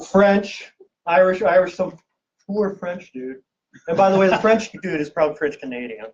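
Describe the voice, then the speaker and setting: A man's voice: high voice, takes it slowly, long pauses, a little mellow. Joking male archivist lecturing a live audience. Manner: jokey, teasing, quizzes the audience. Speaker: university archivist giving a public talk. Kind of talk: lively public lecture with audience questions. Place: event room with a live audience. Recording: distant, dull lo-fi room recording.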